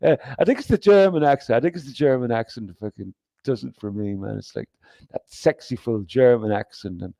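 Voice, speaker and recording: A man's voice: medium pitch, lively intonation, brisk, creaky, warm tone, no echo. A man hosting a livestream, talking in a rambling, profane, emphatic way with frequent restarts and reading comments from chat. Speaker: livestream host.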